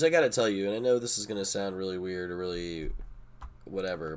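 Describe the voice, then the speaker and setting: Deep-voiced man rambling on a stream. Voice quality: profane, rambling, excitable. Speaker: poker streamer. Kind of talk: casual live-stream chat.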